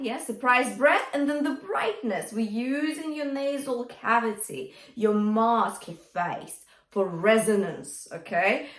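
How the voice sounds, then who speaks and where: A woman's voice: fairly high pitch, fairly bright tone. A woman teaching a singing lesson as a vocal coach, encouraging and singing example phrases. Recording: roomy and a bit distant from the mic.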